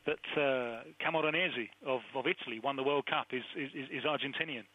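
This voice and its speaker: A man speaking as a regular radio football pundit, keen and halting as he builds up a long question. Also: medium pitch, narrow, tinny audio.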